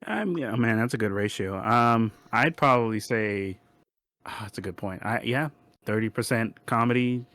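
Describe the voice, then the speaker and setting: A man's voice: mid-range voice, moderate pace, a bit bright, no room sound. A man co-hosting a movie podcast, laid-back and joking. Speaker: podcast co-host. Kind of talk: casual movie-review chat.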